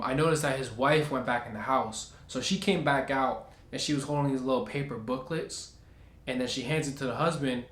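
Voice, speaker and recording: Man, storytime vlogger, animated, acts out voices, echoey room. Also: mid-range voice. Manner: animated, acts out other people's lines. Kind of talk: casual storytime vlog.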